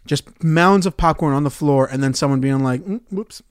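A man's voice: medium pitch, normal speed, smooth, no room sound. Profane ranting man, dry close mic. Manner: profane, ranting, sarcastic, swings loud then mutters. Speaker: podcast host. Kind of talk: solo podcast rant.

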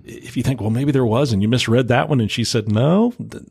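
Gravelly, husky-voiced male pastor. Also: mid-range voice, a little fast, darkish tone, no echo. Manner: easygoing, plainspoken, joking. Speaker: pastor and podcast co-host. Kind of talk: casual podcast discussion.

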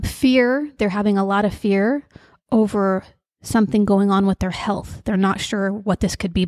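A middle-aged woman host telling personal stories in an earnest, confiding way, with soft fillers between thoughts. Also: mid-range voice, no room sound, clean studio sound. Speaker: podcast host and emotional coach. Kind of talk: personal storytelling monologue.

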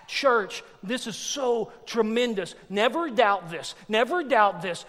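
A high-voiced male pastor preaching a sermon, lively and joking. He swings between loud exclamations and hushed asides. His voice rings with a long reverb in a big church hall. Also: slow pace, hardly any pauses.

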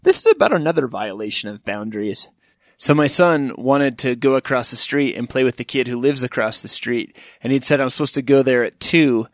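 A middle-aged man telling funny personal stories, with wry asides and sudden high-pitched emphasis. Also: fairly quick, dry recording, studio quality. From Wyoming. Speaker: storyteller. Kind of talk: comic personal storytelling.

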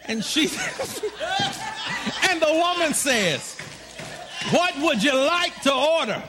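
A man preaching a sermon to a congregation, shouting and telling a story with emphasis. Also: very high voice, big pitch swings, unhurried, noisy background. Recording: live church crowd audible.

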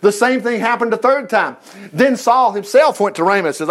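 Male Bible teacher, higher voice, animated, chatty, chuckles as he goes. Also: fairly quick.

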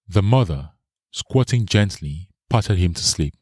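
Deep-voiced male storyteller. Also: animated, measured pace, darkish tone, husky, no room sound, studio quality. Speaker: narrator. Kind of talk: scripted narration.

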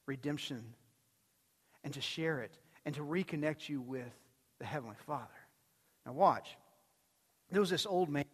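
A man with a high voice preaches a sermon, telling stories in a loose, conversational way and asking his listeners questions along the way. His words ring out with a long reverb, as in a church sanctuary. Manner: conversational storytelling, asks the crowd questions. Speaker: pastor.

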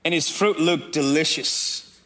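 A man's voice: a little high, measured pace, a bit bright, slight background noise. A man preaching a sermon as pastor, calling out directly to his congregation.

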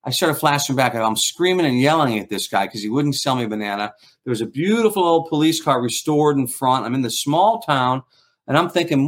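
In a casual interview, a middle-aged man who is a guest ventriloquist and magician tells rambling anecdotes, acting out the quotes. His mid-range voice is animated and a little fast.

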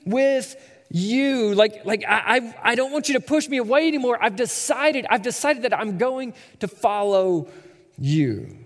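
A preacher giving voice to a devoted young widow. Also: male voice, very high-pitched, expressive, unhurried, big-room sound, exaggerated voice. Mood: pleading. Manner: earnest pleading, emphatic repeats.

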